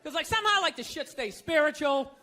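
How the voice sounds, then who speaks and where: Ranting male stand-up comic, high bright voice. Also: lively intonation, brisk. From United States. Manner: sarcastic, ranting, profane. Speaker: stand-up comedian. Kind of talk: stand-up routine. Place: comedy stage before a live audience. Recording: live show with faint crowd noise. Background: audience laughter.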